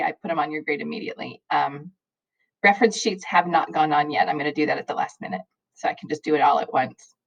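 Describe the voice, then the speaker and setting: Low-voiced chatty woman teacher. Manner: chatty and rambling, laughs often. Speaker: high school math teacher. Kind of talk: casual video chat to students. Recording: dull lo-fi recording.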